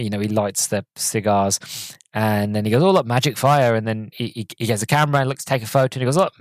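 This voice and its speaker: A man's voice: lowish voice, no room sound. A man, hosting a podcast and chatting casually about a film, rambling with many fillers and restarts. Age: 20s. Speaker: podcast host.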